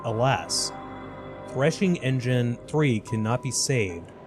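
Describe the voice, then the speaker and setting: Man voicing a corrupted game creature, low, quiet, halting, disjointed fragments, game music behind. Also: expressive. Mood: mournful cryptic. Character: corrupted, broken-minded creature babbling fragments.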